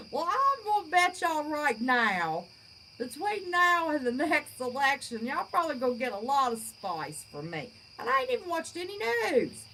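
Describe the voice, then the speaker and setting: A woman's voice: high voice, sing-song, unhurried, pushed and bright, slight background noise, poor audio. A woman in her fifties hosting a livestream, chatting with viewers in a blunt, folksy, outspoken way. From West Virginia. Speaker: channel host. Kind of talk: livestream chat reading viewer comments.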